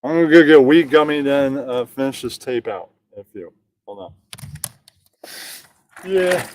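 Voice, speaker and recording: A man's voice: medium pitch, lively intonation, moderate pace, darkish tone, slight background noise. A man hosting casual banter, riffing crudely and mockingly.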